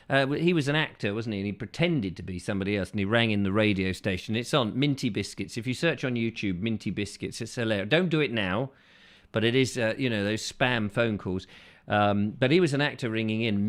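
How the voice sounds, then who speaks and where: A man's voice: medium pitch, expressive, fairly quick, a bit bright. A man hosting a call-in show, chatting playfully and rambling through jokes. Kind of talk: casual chat.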